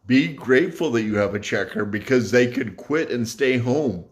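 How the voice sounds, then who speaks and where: A man talking to camera in an earnest, reflective way, pausing and correcting himself as he goes. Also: medium pitch, expressive. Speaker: YouTube vlogger. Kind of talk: casual talk to camera.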